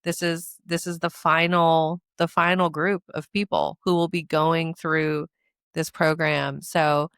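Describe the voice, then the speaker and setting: A woman's voice: sits low, level tone, takes it slowly, fairly bright tone, smooth, dry recording, studio quality. A woman podcast host and coach speaking in an earnest, emotional promotional monologue, repeating words for emphasis.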